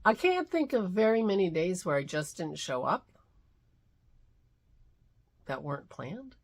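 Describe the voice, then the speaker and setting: Low gravelly-voiced woman vlog host. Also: very animated, a little slow. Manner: heartfelt, soft-spoken, drifting into near-whispers. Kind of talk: casual morning vlog talk.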